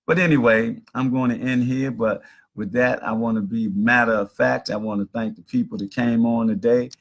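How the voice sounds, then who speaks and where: Middle-aged man, livestream host, rambling preachy storyteller, gravelly husky voice. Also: medium pitch, steady tone, moderate pace. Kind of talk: casual livestream monologue. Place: at home.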